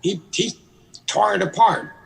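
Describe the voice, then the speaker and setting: Slow-talking high-voiced man. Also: steady tone, creaky, slight background noise, rough recording. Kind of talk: casual political chat.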